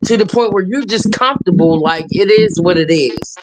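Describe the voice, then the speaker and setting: A man's voice: high voice, moderate pace, music in the background. A man with a Southern US accent calling into a live stream, talking in a loose, profane way with lots of filler phrases. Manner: loose and profane, with frequent "sit there" filler. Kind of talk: casual live-stream chat. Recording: heavily noisy call audio.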